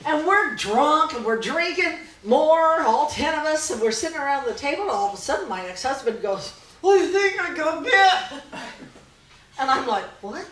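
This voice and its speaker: A middle-aged woman performing a storytelling comedy set, often laughing at her own story and shouting out other people's lines. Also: high voice, animated, brisk, hardly any pauses. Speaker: stand-up comedian. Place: small live music venue. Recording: echoey room, distant mic, faint noise.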